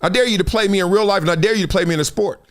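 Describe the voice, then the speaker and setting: A man in his fifties hosting a talk show, telling stories in a casual, animated way and acting out other people's lines. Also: high-pitched, rapid-fire. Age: 50s. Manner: animated storytelling, acts out quoted voices, frequent laughs. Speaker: show host.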